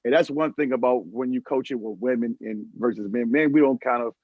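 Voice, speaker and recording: A man hosting a podcast, asking relaxed, rambling questions in casual chat. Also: medium pitch, fairly quick, no echo. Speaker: podcast host. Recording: muffled lo-fi audio.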